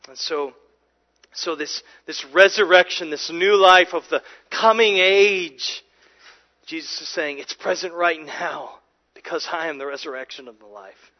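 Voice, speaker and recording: A man's voice: a little high, a little slow, lo-fi sound. A man preaching a sermon as pastor, earnest and emphatic, often restarting and repeating words.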